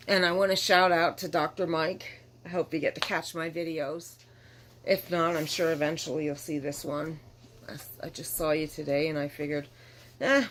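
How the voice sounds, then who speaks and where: A woman's voice: low-pitched, fairly bright tone, slight background noise. A tired middle-aged woman chatting candidly to her camera in a rambling, apologetic vlog, yawning now and then. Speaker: vlogger. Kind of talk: casual vlog chat to camera.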